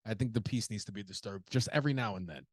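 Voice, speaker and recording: In a lowish voice with a breathy edge, a man hosting a podcast speeds through a profane, wandering anecdote, full of animation and constant restarts. The studio-quality recording has no echo.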